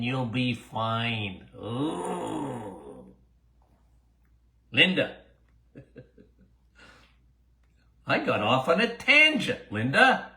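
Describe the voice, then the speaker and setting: Older male doctor-host, casual Q&A podcast, emphatic, laughs a lot, slightly high bright voice, echoey room. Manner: animated, emphatic, repeats himself, laughs often.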